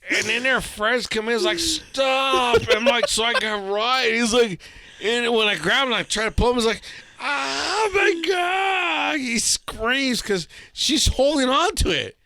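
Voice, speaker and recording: A man co-hosting a podcast, telling a story in casual chat, animated and profane, jumping into voices as he acts it out. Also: moderate pace, slight background noise. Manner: animated, swearing, acts out voices with big pitch jumps. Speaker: podcast co-host.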